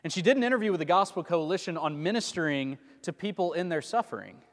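A man's voice: high-pitched, lively intonation, fast talker. A man preaching a sermon in a conversational way, often asking his listeners rhetorical questions. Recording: long reverb of a large hall.

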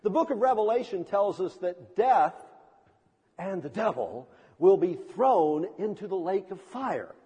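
A man's voice: sits high, big pitch swings, measured pace, dark tone, slightly rough. A male pastor preaching a sermon with impassioned, emphatic delivery and dramatic swells, heard in a church sanctuary with a long reverb.

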